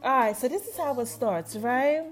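A woman with a high, bright voice recaps a TV episode for her podcast listeners in loose, chatty storytelling. She jumps into the characters' lines as she goes and keeps calling out to her audience, with faint music sitting low underneath. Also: normal speed. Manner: animated storytelling, quoting characters, addresses listeners as y'all. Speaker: podcast host.

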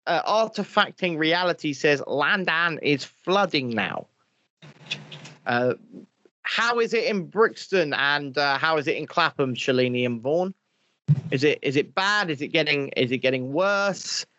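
A man's voice: a little high, moderate pace, bright, forceful tone, dull audio. A man hosting a live stream, chatting casually, reading out viewer comments and swearing freely.

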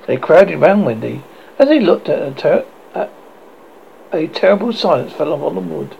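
A narrator reading a storybook aloud, halting now and then with restarts, in a dull lo-fi recording. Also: mid-range voice, big pitch swings, creaky, slight background noise.

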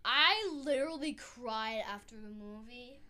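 Woman on a podcast mic, kinda high and super clear voice, gets all emotional and jittery. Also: measured pace. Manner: emotional, excitable, stumbles over words. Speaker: podcast co-host. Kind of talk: casual chat about a musical. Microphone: desk microphone.

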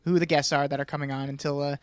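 A man hosting a podcast, animated and jokey in casual chat. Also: a little high, rapid-fire, clear, resonant tone, no echo, studio quality. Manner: animated, jokey, laughs often. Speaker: podcast host.

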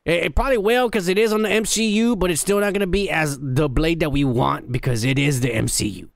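Gravelly joking podcast host, a man. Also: fairly high pitch, fast, no room sound, clean studio sound. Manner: profane, joking, reads out comments. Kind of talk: casual crude banter.

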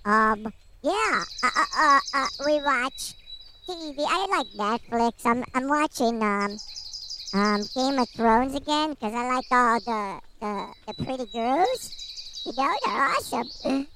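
A woman doing a squeaky, excitable squirrel. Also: slow, slight background noise, heavily acted. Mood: chatty. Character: cheeky male squirrel giving an interview.

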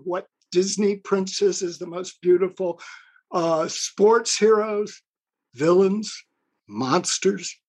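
A woman storyteller telling a story on stage in a deliberate, deadpan way. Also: on the low side, breathy edge. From Evanston, Illinois, USA. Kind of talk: live storytelling.

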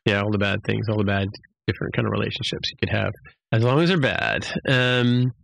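On a podcast, a man with a lowish, fairly bright voice and vocal fry talks briskly, the audio free of echo. He recaps an episode in a loose, rambling way, restarting often, leaning on fillers and acting out quotes.

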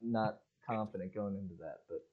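A young man co-hosting a podcast, telling animated stories in casual chat and acting out his friends' lines. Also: on the low side, moderate pace, phone-quality sound. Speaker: podcast co-host.

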